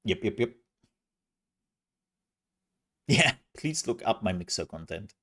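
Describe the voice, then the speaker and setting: A man's voice: on the low side, big pitch swings, slow, a bit bright, breathy edge. A man streaming, chatting casually with viewers in a rambling, self-mocking way. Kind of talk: casual live-stream chat.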